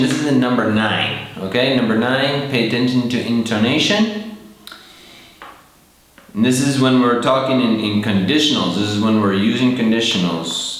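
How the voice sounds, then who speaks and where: A man teaching English pronunciation, slowly repeating words and example sentences. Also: mid-range voice, a bit bright. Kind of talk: pronunciation lesson. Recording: very echoey room.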